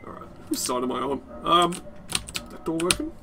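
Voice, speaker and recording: A man's voice: on the high side, wildly swooping pitch, slow pace, gravelly, long pauses, sharp tone. A young adult man giving rambling, sweary let's-play commentary, laughing often. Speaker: game streamer.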